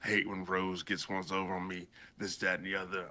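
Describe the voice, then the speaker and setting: A man's voice: low voice, completely flat delivery, fairly quick, bright, forceful tone. A man voicing a brooding, vengeful young summoned hero in a sulky, muttering way.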